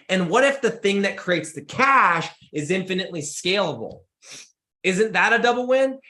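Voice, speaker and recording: An excitable young man talks straight to his audience, stacking up repeated phrases as his energy climbs. His voice is bright and forceful, sitting a little high for a man. The sound carries a noticeable room echo. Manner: excitable, emphatic, repeats words when pumped. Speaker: podcast host. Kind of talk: energetic motivational monologue.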